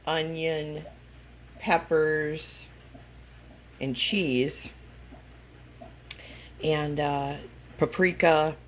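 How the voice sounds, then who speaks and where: A woman's voice: low-pitched, a bit bright, slight background noise, rough recording. A woman chatting casually in a vlog, emotional and rambling with lots of fillers. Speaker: vlogger.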